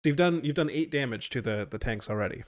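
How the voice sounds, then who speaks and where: A man runs a tabletop game in an easygoing way, often laughing and restarting his sentences. His voice sits at a middle pitch, and the sound is close and dry with little room in it. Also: animated, fast, no room sound. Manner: casual, laughing, lots of fillers and restarts. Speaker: game master.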